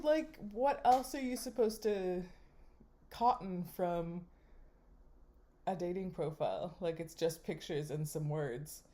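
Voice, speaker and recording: Wry, slow-talking young woman. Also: lowish voice. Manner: wry, deadpan running commentary. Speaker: vlogger. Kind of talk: casual chat while swiping a dating app.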